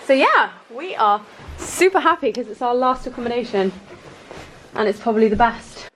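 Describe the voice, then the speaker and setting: British woman, travel vlogger, bubbly and gushing, voice sits a little high. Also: animated, normal speed, fairly bright tone, a little hiss or hum. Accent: British English. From Britain. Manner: bubbly, gushing, chatty tour-guide talk. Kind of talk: travel vlog chat.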